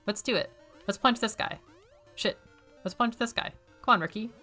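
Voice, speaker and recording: A woman's voice: fairly high pitch, normal speed, pushed and bright, soft background music. A young woman chatting casually while playing a video game, rambling and swearing freely. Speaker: gaming streamer.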